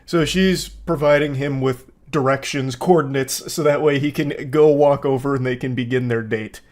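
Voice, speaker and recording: A man's voice: mid-range voice, steady tone, normal speed. Sarcastic man reading texts aloud. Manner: sarcastic, dry, mocking asides. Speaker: host. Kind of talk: comedic commentary, reading text messages.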